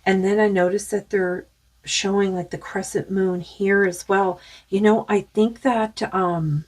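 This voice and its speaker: Husky woman musing through a card reading. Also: mid-range voice, fairly even intonation, measured pace. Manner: rambling, musing, many fillers. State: losing her voice. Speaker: tarot card reader. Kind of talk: casual spiritual card reading.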